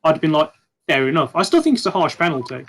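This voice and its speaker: A man's voice: fairly high pitch, big pitch swings, fast talker, poor audio. A man co-hosting a podcast, giving his opinions casually and laying out what should have happened. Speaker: podcast co-host. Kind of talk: casual chat.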